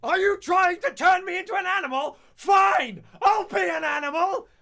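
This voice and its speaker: A man voicing a furious male maths teacher who shouts wildly. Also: very high voice, moderate pace, gravelly, voice pushed up, full character voice. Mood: raging.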